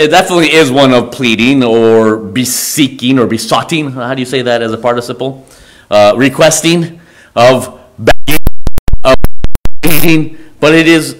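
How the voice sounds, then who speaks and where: A man as pastor, preaching a conversational sermon in a church, often restarting and halting over his words. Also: mid-range voice. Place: church sanctuary.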